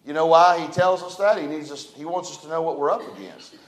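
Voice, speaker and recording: A male pastor, preaching a folksy, dynamic sermon that swings between loud and soft. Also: a little high, fast. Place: church sanctuary. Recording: echoey church room.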